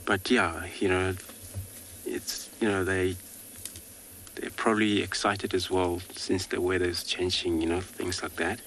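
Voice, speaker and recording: A low-pitched male safari guide talks viewers through a live game drive. His delivery is relaxed and chatty, peppered with filler words. Faint outdoor ambience sits quietly behind him. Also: measured pace, a little hiss or hum. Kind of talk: live wildlife commentary.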